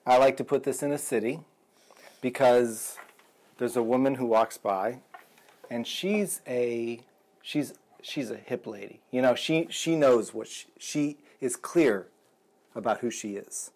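A man's voice: medium pitch, unhurried, darkish tone. A man telling a long shaggy-dog joke, stopping and restarting and chuckling as he builds it. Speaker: joke teller.

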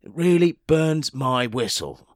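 A man's voice: mid-range voice, expressive, measured pace, no echo, studio quality, voice pushed down, close to an everyday voice. A man playing a crude, arrogant business tycoon as an improvised comedy character, talking in a pompous, boastful way. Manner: pompous, boastful, self-important. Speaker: podcast regular.

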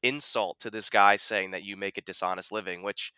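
A man co-hosting a podcast, chatting casually about a film, animated and full of fillers, acting out quotes. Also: on the low side, a little fast, clear, resonant tone, dry recording. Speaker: podcast co-host.

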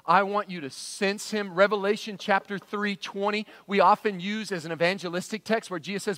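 Pastor, middle-aged man, high bright voice, dry close recording, dynamic sermon delivery. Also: fairly quick, hardly any pauses, no room sound. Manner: animated preaching, acts out quotes, swings loud to hushed.

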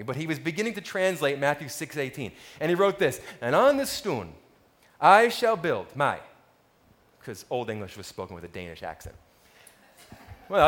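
A pastor delivering an ad-libbed sermon as a history lesson, telling stories with playful asides. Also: male voice, a little high. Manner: animated, ad-libbing storyteller with playful asides.

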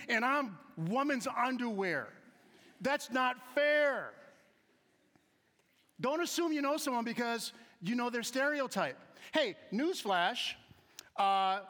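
A man tells stories to a live audience in a very high, bright voice, acting out the people he quotes. He drops to quiet asides, then punches key lines loudly. The sound carries a long reverb from a large hall. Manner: animated, acts out quoted voices, shifts between soft asides and loud emphasis. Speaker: speaker giving a talk to an audience. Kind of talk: storytelling talk with humor.

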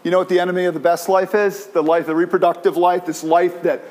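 A man's voice: high-pitched, little pitch movement, fast talker, darkish tone. A male pastor preaching a sermon, impassioned and repetitive, often restarting his phrases. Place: church in San Francisco.

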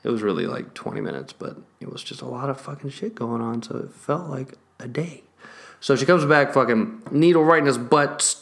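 A young man telling a story in a casual vlog, animated, swearing heavily and laughing between lines. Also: mid-range voice, normal speed, creaky. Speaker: vlogger.

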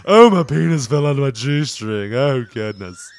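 A man's voice: mid-range voice, expressive, a little slow, no echo. A man doing a prim giraffe butler. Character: posh male giraffe butler in a suit.

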